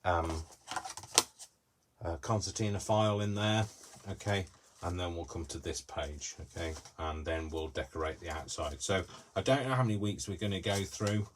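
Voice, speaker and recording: A man's voice: sits low, moderate pace, noisy background. A man hosting a live craft tutorial in a small craft room, rambling with jokey, self-deprecating asides.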